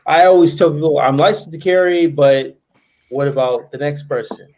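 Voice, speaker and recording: A man's voice: fairly high pitch, normal speed, a little mellow. A man in casual discussion, speaking hesitantly with many fillers and restarts.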